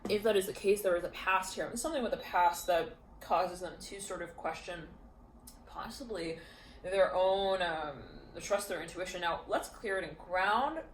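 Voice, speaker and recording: A woman's voice: on the low side, moderate pace, reverberant, a little hiss or hum. A woman giving a casual spoken tarot reading, chatty and full of fillers, giggling often. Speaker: tarot reader.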